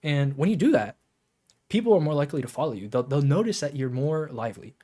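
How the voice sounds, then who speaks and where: A man coaching players on a shooter game, talking casually to camera with lots of fillers and restarts, then turning lively and emphatic. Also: fairly high pitch, quick pace. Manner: rambling with many fillers, grows lively and emphatic.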